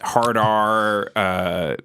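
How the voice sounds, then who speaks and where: A man's voice: on the low side, fairly even intonation, very slow, very noisy. A man hosting a podcast in casual chat, making dry, wry remarks. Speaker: podcast host.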